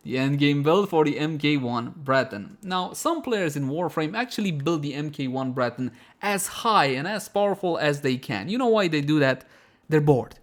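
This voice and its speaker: A man talks viewers through a video game guide in a slightly raised voice. He is chatty and animated, calls his audience his friends, and pokes fun at himself along the way. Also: fairly high pitch, moderate pace. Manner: chatty and self-mocking, often breaking into laughter. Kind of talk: voice-over gameplay guide.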